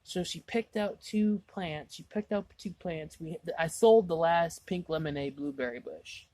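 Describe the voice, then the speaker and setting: A man's voice: a little high, unhurried, darkish tone, no echo. A man vlogging casually, rambling through a story with lots of "I was like" asides, exasperated and mocking himself.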